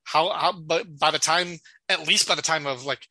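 Dude recapping a tv episode, really bright edgy voice, stumbles and laughs, dry mic. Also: male voice, on the high side, moderate pace, dry recording, low-quality recording. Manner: stammers and restarts, laughs often. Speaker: podcast co-host. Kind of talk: casual chat about TV.

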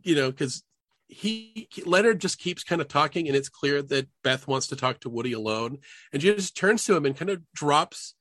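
Guy podcast co-host, kinda high voice, lively, laughs a lot, dry sound. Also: moderate pace, dry recording. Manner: animated, laughs often. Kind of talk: casual chat about TV.

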